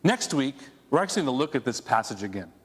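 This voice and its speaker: Animated male pastor in an echoey church. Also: mid-range voice, fast talker, husky. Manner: conversational, animated preaching with asides to the congregation. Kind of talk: sermon. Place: church sanctuary before a congregation. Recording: long echo of a church hall.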